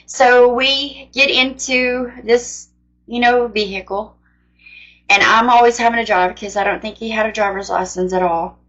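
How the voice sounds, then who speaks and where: A woman's voice: a little high, steady tone, a little slow, a bit bright. A woman candidly retelling a frightening personal experience in a conversational testimony style. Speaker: faith storyteller. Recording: dull lo-fi sound.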